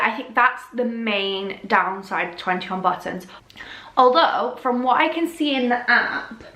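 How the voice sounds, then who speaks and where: Chatty woman, slightly hoarse. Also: fairly high pitch, a bit bright. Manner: chatty, frequent ums and self-corrections. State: slightly losing her voice. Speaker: fashion influencer. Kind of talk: casual explainer vlog. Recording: echoey room.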